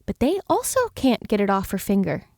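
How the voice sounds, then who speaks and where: A woman's voice: mid-range voice, sing-song, a little fast, creaky, mellow. A woman co-hosting a history podcast, telling a spooky story with a playful, giggly manner. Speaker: podcast co-host.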